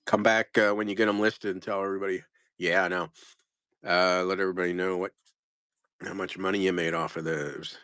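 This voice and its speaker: Guy with a lowish voice rattling off postcard towns on a live sale stream, chatty, super dry close sound. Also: flat delivery, brisk, a bit bright, clean tone, no echo. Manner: rambling, reads out place names, talks to viewers by name. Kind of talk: casual live-sale commentary.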